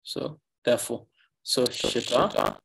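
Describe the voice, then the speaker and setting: A man with an Eastern Tibetan accent explains words to his students in an online class. His voice sits at a middle pitch, and he talks in halting bursts, filling the gaps with "uh" as he thinks aloud. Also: vocal fry, noisy background. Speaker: Tibetan language teacher. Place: online class, video call.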